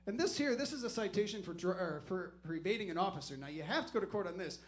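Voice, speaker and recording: Comedian doing a shouting cop. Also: male voice, sits high, quick pace. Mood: calm. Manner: shouted commands, then calm and fatherly. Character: male police officer, barking then oddly gentle.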